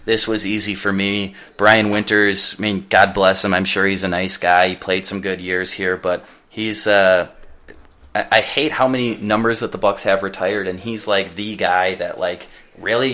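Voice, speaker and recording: A man's voice: low voice, bright, forceful tone. A man co-hosting a sports podcast, rambling through his picks with plenty of fillers and strong opinions. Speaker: podcast co-host. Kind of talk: casual sports podcast chat.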